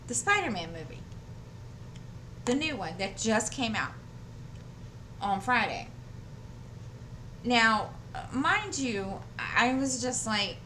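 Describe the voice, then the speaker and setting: Slow-talking woman with a bright voice. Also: a little high, very animated, a little hiss or hum. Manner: rambling storyteller with many fillers and restarts. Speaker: craft channel host. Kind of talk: casual chat while diamond painting. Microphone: desk microphone.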